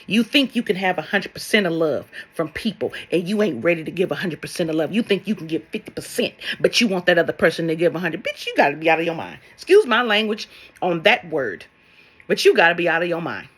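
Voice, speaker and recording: A woman talks in a vlog monologue as a spiritual love coach, blunt and sassy, swearing and throwing rhetorical questions at her viewers. Her voice is on the low side, fast and expressive, with a breathy edge.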